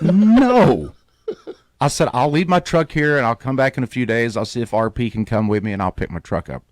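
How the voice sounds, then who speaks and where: Male radio host, lively storyteller, dry close mic. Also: medium pitch, quick pace, dry recording. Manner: animated storyteller, acts out quoted voices.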